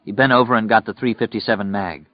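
In a dull, lo-fi audiobook recording with no echo, a low-voiced man narrates a grim story from a script, keeping his storytelling steady and measured.

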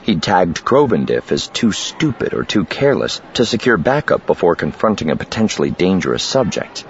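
Deep-voiced man narrating expressively. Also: sing-song, normal speed, dull audio, a little hiss or hum. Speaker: audiobook narrator. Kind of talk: scripted narration.

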